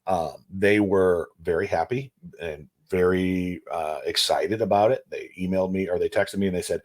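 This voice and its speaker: A man's voice: sits low, moderate pace. A man from Nebraska who reviews food and co-hosts a podcast, telling a story in a rambling, casual way and stopping to correct himself.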